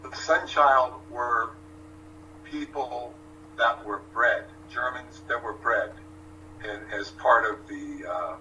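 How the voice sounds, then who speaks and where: A man co-hosting a livestream, telling a story in a halting, hesitant way. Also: medium pitch, steady tone. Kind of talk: casual storytelling. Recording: distant mic with noise and hum.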